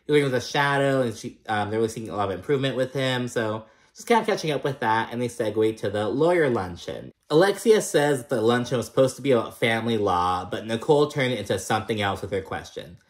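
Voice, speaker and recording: A young man talks through a reality show episode in a loose, unscripted recap. He swears a lot and sounds thoroughly exasperated with the cast. His voice sits at an ordinary middle pitch for a man. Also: animated, quick pace. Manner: profane, exasperated, mimics cast members in higher voices. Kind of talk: casual recap rant.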